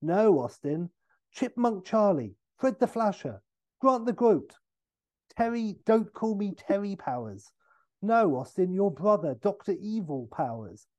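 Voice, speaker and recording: A man's voice: sits high, sing-song, unhurried, warm tone, no echo, voice pushed up. A man voicing a stuffy older male British spy chief who keeps correcting his agent insistently.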